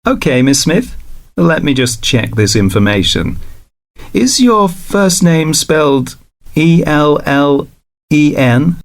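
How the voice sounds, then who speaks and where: A man reads textbook dialogue lines and spells words letter by letter. His pitch moves a lot while his pace stays slow and deliberate, and the sound is close and dry. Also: lively intonation, vocal fry. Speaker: lesson dialogue reader.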